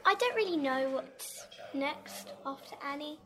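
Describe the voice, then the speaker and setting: A woman's voice: sits high, expressive, measured pace, sharp tone. A young girl stage performer, bubbly and giggly, chatting eagerly in an interview. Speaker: young musical theatre performer. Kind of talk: casual interview chat.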